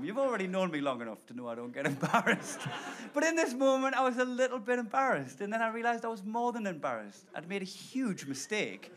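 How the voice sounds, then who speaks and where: Animated male stand-up comic. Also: high voice. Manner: animated, conversational, addresses the crowd directly. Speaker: stand-up comedian. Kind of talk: live stand-up storytelling. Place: stage before a live audience.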